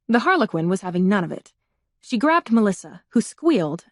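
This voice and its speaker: A woman narrating an audiobook in an even, measured reading voice on a close studio mic. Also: medium pitch, dry recording. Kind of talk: scripted narration.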